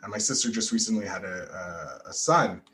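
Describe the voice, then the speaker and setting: A man's voice: low voice, brisk, poor audio. A man hosting a podcast interview, talking casually and eagerly with many fillers and restarts. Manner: chatty and animated, with frequent fillers and restarts. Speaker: podcast host.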